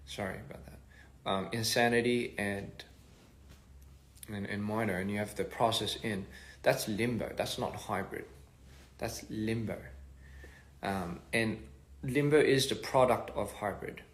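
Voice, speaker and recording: A young man casually chatting on a phone livestream, reading fan comments aloud with halting restarts and many fillers. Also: on the low side, fairly even intonation. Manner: halting, many restarts and fillers, switching between English and Korean. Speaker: musician hosting a livestream.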